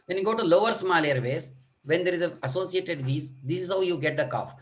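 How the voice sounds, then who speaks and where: In an online medical workshop, a middle-aged man lectures on children's coughs in a voice on the high side at a fairly quick clip. As a pediatric lecturer, he demonstrates coughs and talks with plenty of fillers.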